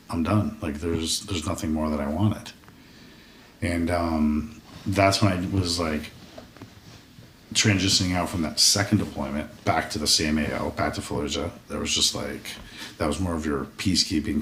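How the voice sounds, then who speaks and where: Deep-voiced, profane veteran telling stories. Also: male voice, fairly even intonation, moderate pace, fairly bright tone. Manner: candid, profane, acts out his past thoughts in quoted asides. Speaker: podcast guest, military veteran. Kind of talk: casual storytelling chat. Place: podcast studio room. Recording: roomy sound from a distant mic with faint noise.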